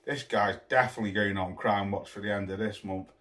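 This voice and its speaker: A man's voice: lowish voice, fairly even intonation, brisk, fairly bright tone. A man ranting to camera as a boxing vlogger, scornful and full of swearing and name-calling. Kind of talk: angry rant to camera.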